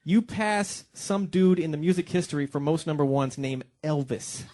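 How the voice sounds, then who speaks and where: A man hosting a radio countdown show, loud and playful as he hypes his guest. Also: on the high side, normal speed, heavy background noise. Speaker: radio host. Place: radio studio with a live audience.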